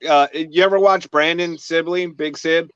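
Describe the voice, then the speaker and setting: A man's voice: a little high, fairly even intonation, moderate pace, a bit bright, clear, resonant tone, no room sound. A man hosting a casual chat, talking hesitantly with many fillers and restarts. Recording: dry, dull lo-fi sound.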